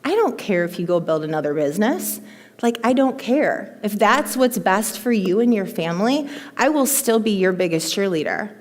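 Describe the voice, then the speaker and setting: A woman telling a heartfelt personal story to her team in an emphatic, animated way, in front of a live audience. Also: mid-range voice, moderate pace. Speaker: motivational speaker to her team. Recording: long hall reverb.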